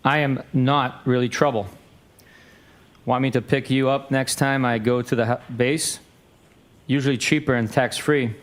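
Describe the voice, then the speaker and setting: A man with a mid-range voice reads a text message exchange aloud. His delivery is flat and matter-of-fact, with both sides of the exchange read in the same voice. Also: medium pitch, measured pace.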